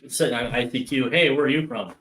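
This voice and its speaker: A man's voice: medium pitch, fast, fairly bright tone, poor audio. A middle-aged man chatting sarcastically, swearing a lot, with a little background noise. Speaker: co-host. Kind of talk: casual chat.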